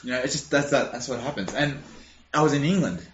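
A young Australian man in casual chat, animated and rambling, swearing freely. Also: mid-range voice, fast talker. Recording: roomy, dull lo-fi sound with faint noise.

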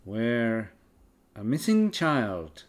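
A man's voice: medium pitch, very animated, extremely slow. A man co-hosting a casual podcast chat, chatty and stammering at times. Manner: chatty, stammers, acts out quotes. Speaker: podcast co-host.

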